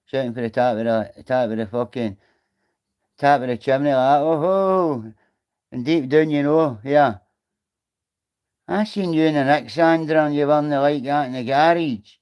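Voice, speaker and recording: Smooth and darkish in tone, his mid-range voice carries a Scottish accent. The middle-aged livestreamer reads his chat and answers viewers bluntly and casually, swearing freely.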